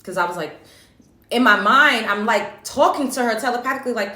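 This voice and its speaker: A woman, hosting her show and telling a dream story in a chatty, animated way. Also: fairly high pitch, a little fast. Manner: animated, chatty, lots of fillers. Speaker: show host. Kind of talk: casual storytelling about a dream. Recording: echoey room.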